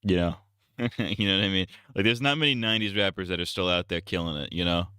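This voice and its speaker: A male streamer rants in a loose, profane, blunt ramble, often restarting his sentences. His voice is low and clean, recorded close and dry on a streaming mic. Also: fast talker, pushed and bright, clean tone, no echo. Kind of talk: casual live-stream rant.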